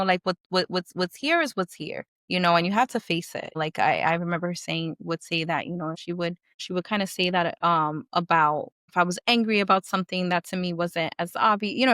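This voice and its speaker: A woman's voice: lowish voice, fairly bright tone, no room sound, clean studio sound. A woman, a podcast guest from a Puerto Rican family, telling stories in casual conversation, mixing in Spanish phrases and many fillers.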